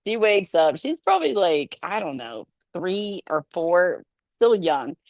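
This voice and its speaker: A middle-aged woman chatting in an animated way, laughing often and acting out quotes in a somewhat low voice. The recording is dry and close, with no room sound. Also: a little slow, no echo. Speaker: podcast guest. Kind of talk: casual storytelling chat.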